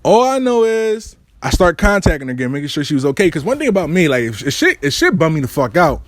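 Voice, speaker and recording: A man telling a story in casual storytime style, profane and animated with street slang. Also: fairly high pitch, fast, dry recording.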